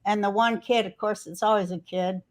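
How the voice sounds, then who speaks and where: An older woman hosts a casual podcast from a hotel room, rambling through stories and profane rants full of swearing. Her mid-range voice has fairly even intonation and moves at a normal speed.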